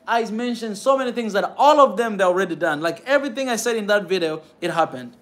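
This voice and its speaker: A high, animated, fairly bright male voice moves at a quick pace with few pauses. Hosting a pan-African livestream, he urges his viewers with impassioned repetition, ending his phrases constantly with "man."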